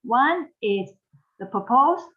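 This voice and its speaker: A woman whose first language is Mandarin gives a recorded pronunciation lesson, slow and patient and often repeating a phrase. Her voice sits a little high. The recording is dull and lo-fi. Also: lively intonation. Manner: patient, repeats phrases, spells out each step. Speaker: Mandarin teacher.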